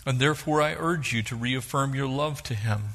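A middle-aged male pastor preaching a sermon, animated, acting out the voices he quotes. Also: medium pitch, normal speed.

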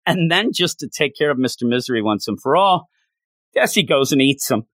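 A man talking through a comic story in a relaxed, chatty way. He jumps into little higher-pitched voices for the characters, then drops back to his own mid-range tone. The sound is dry and close, with no room echo. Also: a little fast. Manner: animated, acts out character lines in higher voices. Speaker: comic book reviewer. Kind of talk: casual recap with acted-out quotes.

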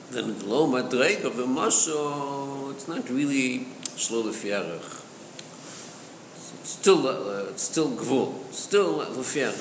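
A man's voice: medium pitch, fairly bright tone. A man teaching a chassidic text, explaining with rhetorical questions and Hebrew terms mixed into his English. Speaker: Torah teacher. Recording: echoey room with long reverb, faint noise.

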